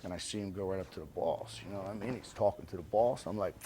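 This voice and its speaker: Low-voiced man telling a profane tale. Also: fast talker, dark tone, slight background noise. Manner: blunt, swears constantly, acts out other people's lines. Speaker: interviewee recounting his past. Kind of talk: profane storytelling anecdote.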